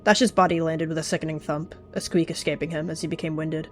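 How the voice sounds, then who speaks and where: A woman's voice: low-pitched, steady tone, quick pace, faint music behind. A woman giving dramatic, vivid storytelling narration of a game roleplay. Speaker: channel host narrating a roleplay.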